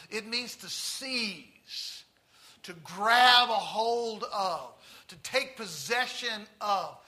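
A man with a Tennessee accent preaching a sermon, stressing key words slowly and turning to the congregation with folksy asides. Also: high voice, sharp tone. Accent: Southern US, Tennessee.

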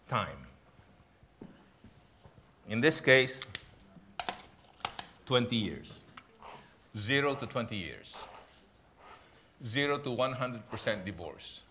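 Pastor, bright forceful voice, jokes and laughs a lot mid sermon, bit of faint noise. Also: male voice, medium pitch, slow, pauses often. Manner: animated, laughing often, acts out prayers. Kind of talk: sermon talk with humor.

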